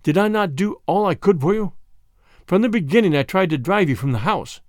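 A man voicing a weary woman in mourning who speaks quietly and reproachfully. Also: high voice, animated, fairly quick, no room sound, clean studio sound. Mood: earnest reproach.

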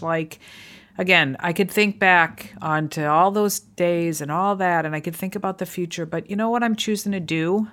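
A woman's voice: on the low side, a bit bright. Earnest, encouraging middle-aged woman host. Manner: earnest, encouraging, speaks directly to listeners. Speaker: podcast host. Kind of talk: reflective solo podcast talk.

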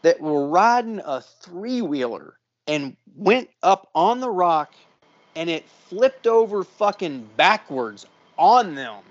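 A man's voice: high voice, takes it slowly, no room sound, dull audio. A man telling a long story on a casual podcast, swearing often and acting out the other people in it. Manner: profane, animated storyteller. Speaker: podcast co-host.

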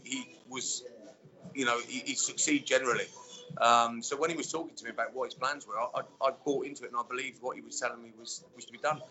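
Man, ex-footballer guest, rambling easy storyteller, bright voice, dull lo-fi sound. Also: medium pitch. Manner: relaxed storyteller, many fillers. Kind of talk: casual interview chat.

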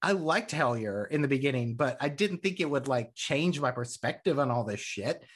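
A man's voice: medium pitch, normal speed, husky. A man hosting a podcast, telling a rambling story in casual chat, often swearing. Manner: rambling, profane, excitable storytelling. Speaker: podcast host.

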